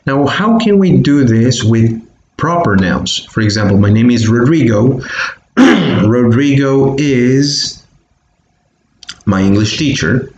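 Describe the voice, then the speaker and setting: A man from Bolivia teaching a recorded online English lesson, modelling pronunciation slowly and carefully. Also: medium pitch, lively intonation, darkish tone, muffled recording, a little hiss or hum. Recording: echoey room, faint keyboard typing.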